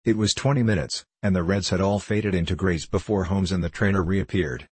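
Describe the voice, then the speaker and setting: A man narrating a classic detective story as an audiobook reader, telling it in a steady, even way. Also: low voice, fairly quick, hardly any pauses, slightly rough, dry recording.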